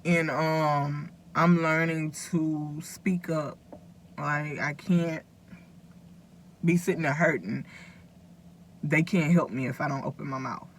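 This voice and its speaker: A woman's voice: sits low, fairly even intonation, takes it slowly, long pauses, slight background noise. A woman vlogger talking casually and earnestly to her viewers, rambling a little as she gives them advice. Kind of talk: casual direct-to-camera talk.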